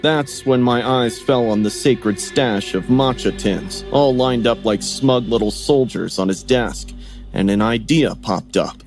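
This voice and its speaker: A man's voice: mid-range voice, a little slow, darkish tone. A man narrating a scripted horror story, acting out the dialogue in raised voices. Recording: music playing under the voice.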